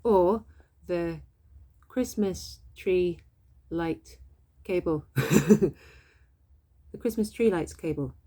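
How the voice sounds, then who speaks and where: A woman's voice: fairly low pitch, drawn-out words, long pauses, warm tone. Chatty woman teaching French. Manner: chatty, explains step by step, switches between English and French. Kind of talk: casual online language lesson.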